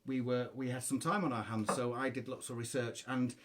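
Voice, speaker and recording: A man musician from Cornwall co-hosting a live stream, making quiet, wry asides and talking about their songs. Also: medium pitch, level tone, a little fast. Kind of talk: casual live-stream chat.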